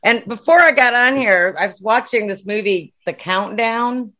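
Woman, podcast co-host, relaxed rambling casual chat. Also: a little high, normal speed.

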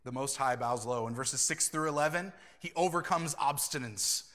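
A man preaching a sermon as pastor, earnest and animated, acting out quoted lines and laughing now and then. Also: mid-range voice, moderate pace.

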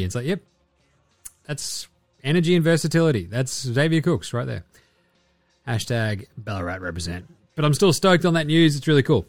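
A man's voice: medium pitch, sing-song, normal speed, no room sound, clean studio sound, faint music behind. An Australian man in his thirties hosting a casual sports podcast, chatty and swearing a lot as he acts out quotes. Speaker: podcast host.

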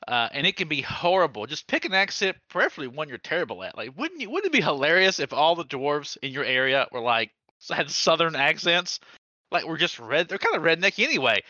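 Lively, bright-voiced joking podcast host man. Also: a little high, a little fast, no echo, lo-fi sound. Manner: joking, rambling, laughs often. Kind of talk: casual chat.

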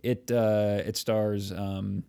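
A man's voice: on the low side, level tone, very slow, creaky, dark tone, clear, resonant tone. A man co-hosting a casual podcast, rambling, swearing often and trailing off while hunting for names. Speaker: podcast co-host. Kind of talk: casual chat.

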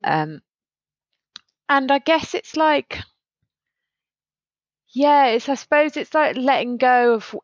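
A woman's voice: sits high, big pitch swings, slow pace, long pauses, dry recording. Chatty woman, muffled sound. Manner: chatty, rambling, laughs often. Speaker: podcast co-host. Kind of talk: casual chat.

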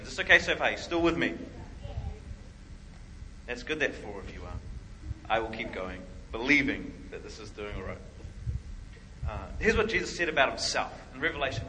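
A man preaching a sermon, telling a story in an animated way and acting out what people said. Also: lowish voice, noisy background. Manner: animated storytelling with acted-out quotes.

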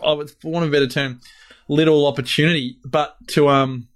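A man's voice: a little high, steady tone, brisk. A man co-hosting a podcast, talking in a reflective, earnest way with some hesitant restarts. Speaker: podcast co-host. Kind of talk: casual chat.

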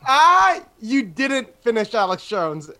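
A man's voice: very high voice, big pitch swings, slow, sharp tone. Rambling man with a middling voice. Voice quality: voice others call annoying. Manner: rambling, hesitant, lots of fillers. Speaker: podcast co-host. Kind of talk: casual chat.

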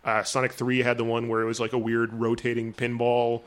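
A man's voice: medium pitch, monotone, a little fast. A man co-hosting a casual gaming podcast, rambling with lots of fillers and restarts. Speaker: podcast co-host. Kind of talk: casual chat.

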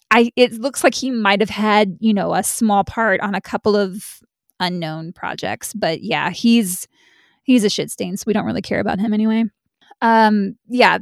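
A woman's voice: medium pitch, no room sound, clean studio sound. A young adult woman co-hosting a true crime podcast, talking casually and bluntly, swearing freely. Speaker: podcast co-host.

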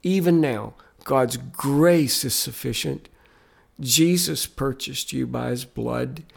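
A man's voice: mid-range voice, slow pace, vocal fry, husky. A man, a Christian musician, telling stories in a podcast interview with an earnest, emphatic, preacher-like cadence.

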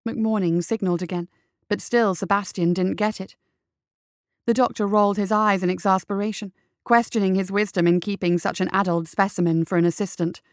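A woman narrating an audiobook at a steady, measured storytelling pace. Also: mid-range voice, no echo, studio quality. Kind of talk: scripted narration.

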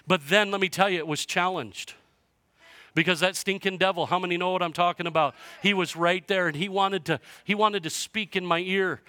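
A man preaching a sermon as pastor to his church, passionate and swinging from hushed to loud. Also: high voice, no echo. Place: church sanctuary.

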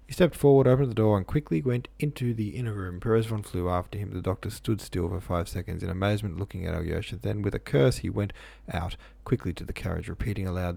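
A man's voice: deep voice, fast, gravelly, hardly any pauses, warm tone, no echo. A man reading a novel aloud, breaking off for offhand asides full of "like". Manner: offhand, says "like" a lot. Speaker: reader.

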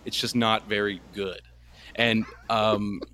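A man's voice: fairly low pitch, level tone, slow, pushed and bright. Rambling young man reviewing a movie. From Canada. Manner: rambling, heavy with fillers and restarts. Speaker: podcast co-host. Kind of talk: casual movie review chat.

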